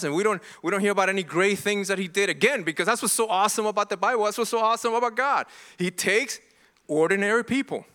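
A man's voice: sits high, bright, forceful tone. A middle-aged man preaching a sermon as pastor, earnest and impassioned, often restarting and repeating himself.

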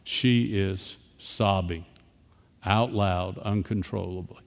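A man's voice: low-pitched, steady tone, slow pace, vocal fry. Man preaching in a reverberant hall. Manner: storytelling, swings between quiet and emphatic. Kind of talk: sermon.

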